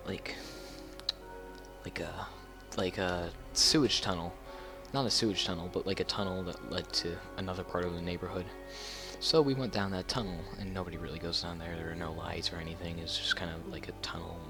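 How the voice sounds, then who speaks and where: A man's voice: low voice, fairly even intonation, normal speed, music in the background. A man telling a personal story in a casual storytime vlog, rambling with many fillers and restarts. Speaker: YouTuber.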